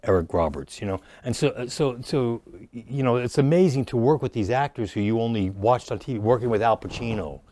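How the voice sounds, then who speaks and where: Quick chatty actor guy telling stories, jokey, dry close sound. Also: mid-range voice, no room sound. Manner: animated storyteller who jokes and restarts lines. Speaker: actor and comedian guest. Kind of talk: casual interview chat. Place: studio.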